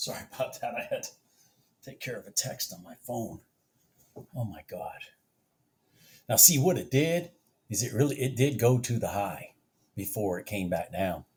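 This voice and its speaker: A man trading futures live at his desk, excitable, repeating himself and cheering the market on, out of breath. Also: on the low side, normal speed, pauses often, slightly rough. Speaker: futures trader vlogging his trades. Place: home office.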